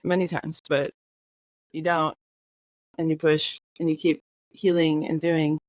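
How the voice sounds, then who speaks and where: A woman co-hosting a podcast in casual chat, relaxed and rambling, building analogies as she talks. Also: low-pitched, unhurried, no echo. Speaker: podcast co-host.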